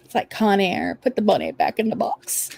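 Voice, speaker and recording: A woman's voice: mid-range voice, wildly swooping pitch, moderate pace, vocal fry, darkish tone, a little hiss or hum. Hesitant woman chatting on a livestream. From Southern United States. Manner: hesitant, trailing off, wry. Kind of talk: casual chat.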